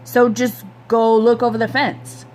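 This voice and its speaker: A cocky schoolboy, voiced by a woman reader tosses off teasing lines. It is a storybook read-aloud in a fairly high voice. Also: little pitch movement, a little slow, a little mellow, natural voice. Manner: offhand and teasing.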